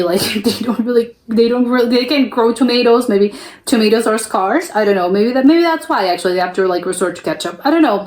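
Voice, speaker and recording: A woman's voice: mid-range voice, a little mellow. A young woman from the United States hosting a reaction video, rambling casually with lots of fillers and restarts. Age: young adult. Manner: rambling, full of fillers and restarts, laughs easily. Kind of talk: casual chatty reaction commentary. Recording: echoey room.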